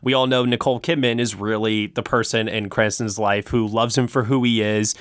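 A man hosting a casual film review chat, talking haltingly with frequent restarts and repeated words. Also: on the low side, fairly even intonation, dry recording, studio quality. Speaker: film review podcast host.

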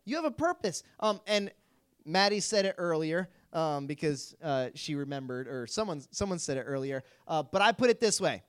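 A man's voice: fairly high pitch, sing-song, moderate pace, smooth. Young guy youth pastor, super casual, lots of "like", keeps asking the group stuff. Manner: chatty, lots of "like", quizzes the group.

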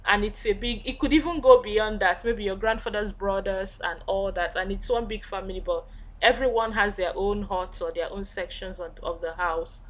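A woman with an Igbo accent, a guest teacher, explaining words in a relaxed language lesson with fillers and restarts. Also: mid-range voice, normal speed.

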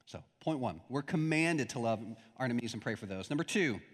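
A man's voice: medium pitch, animated, a little fast. A young adult man preaching a sermon as a pastor, in a conversational style with stories and acted-out quotes. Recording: long hall reverb.

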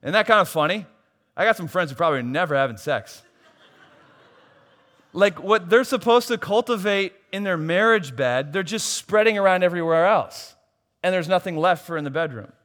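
A man's voice: high voice, animated, moderate pace, a bit bright. A man preaching a sermon as a pastor, emphatic and repeating key phrases, with self-deprecating asides. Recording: long hall reverb.

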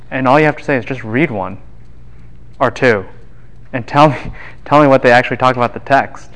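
A man giving a university classroom lecture in a relaxed, joking way, often acting out what other people would say. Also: medium pitch, a little fast, pauses often, rough recording. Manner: casual, quips and acts out voices of students and scholars.

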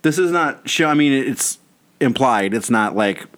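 A man co-hosting a podcast, telling a long story in a casual, animated way and often breaking into laughter. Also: medium pitch, unhurried. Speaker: podcast co-host. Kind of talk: casual chat.

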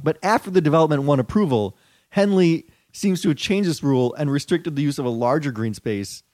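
A man's voice: a little high, animated, a little fast, darkish tone, no echo, clean studio sound. A man co-hosting a casual podcast, reading news stories and getting sarcastic and profane.

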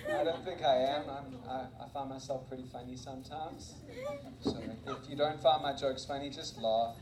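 A man preaching as a guest speaker and missionary, telling stories in an animated, self-mocking way. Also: medium pitch, normal speed, over a noisy crowd. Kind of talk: energetic sermon with storytelling. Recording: echoey room.

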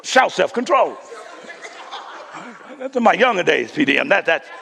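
A man preaching a sermon as pastor, calling out to the congregation and swinging from shouts to soft hushes. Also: high voice, sing-song, normal speed, creaky, in a large hall, some chatter behind.

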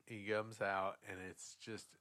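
Casting: casual male storyteller, lowish voice, loose and profane. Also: flat delivery, unhurried, pushed and bright. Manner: rambling, profane, acts out quotes.

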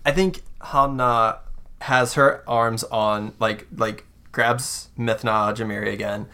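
A man's voice: mid-range voice, steady tone, slow, bright, forceful tone, clean tone. A man narrating as game master in a tabletop game, hesitant and full of fillers.

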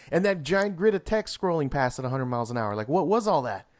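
A man's voice: fairly high pitch, animated, moderate pace, a little mellow. Chatty man laughing through movie talk. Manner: chatty, laughs often, rambling restarts. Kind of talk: casual movie chat.

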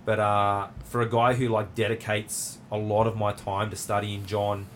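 A man's voice: lowish voice, flat delivery, moderate pace, slight background noise. A man with an Australian accent hosting a casual interview, talking in a rambling, laid-back way with lots of fillers. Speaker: podcast host and jiu-jitsu academy owner.

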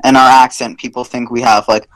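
A man's voice: mid-range voice, flat delivery, brisk, fairly bright tone, low-quality recording. A man from Canada co-hosting a podcast in a hesitant, casual comedic chat. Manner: hesitant, full of fillers. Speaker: podcast co-host.

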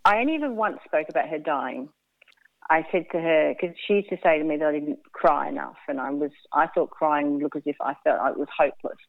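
Low gravelly woman on a phone line. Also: no room sound. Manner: frank, blunt, halting with fillers and restarts. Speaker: interview guest. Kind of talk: candid emotional storytelling.

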